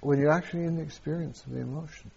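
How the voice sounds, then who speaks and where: A man, a meditation teacher, answers questions at a retreat in a halting way, with many fillers and restarts and frequent chuckles. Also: a little high, steady tone, gravelly, dark tone, husky, muffled recording.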